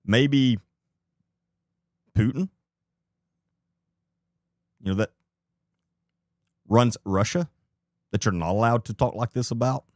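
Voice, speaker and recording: A man's voice: mid-range voice, takes it slowly, pauses often, a little mellow, no echo, clean studio sound. A man commenting live on a video clip, blunt and incredulous, who swears and repeats rhetorical questions.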